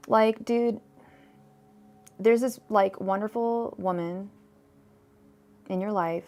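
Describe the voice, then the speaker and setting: A woman's voice: mid-range voice, slow, vocal fry, long pauses. Chatty woman doing a live tarot reading. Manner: chatty, digressive, frequent fillers and restarts. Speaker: tarot reader.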